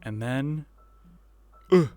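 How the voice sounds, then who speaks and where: A man's voice: medium pitch, animated, very slow, warm tone, faint music behind. A man streaming a VR roleplay, chatting to his viewers in a loose, rambling way and laughing to himself. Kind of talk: casual VR roleplay stream chat.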